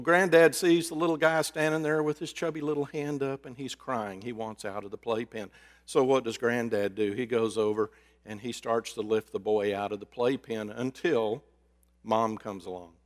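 A man preaching a sermon, swinging between loud emphasis and hushed, drawn-out words. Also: mid-range voice. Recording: reverberant hall.

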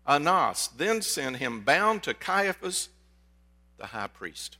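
A man with a bright, slightly high voice delivers a conversational sermon, swinging between quiet asides and excited outbursts. He talks to the congregation directly, calling them folks. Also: slow. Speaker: pastor. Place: church sanctuary.

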